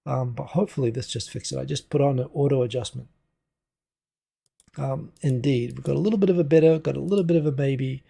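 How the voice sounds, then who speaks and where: A man's voice: medium pitch, a little fast, creaky, mellow, breathy edge. A man from New Zealand hosting a casual livestream at home on a desk microphone, chatting loosely and answering viewer comments as they come in. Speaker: livestream host. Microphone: desk USB microphone.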